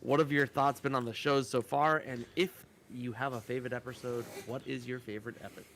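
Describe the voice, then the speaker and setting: A man's voice: medium pitch, steady tone, fast, a bit bright, slight background noise. A man co-hosting a podcast, upbeat as he runs through the show's rundown. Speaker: podcast co-host.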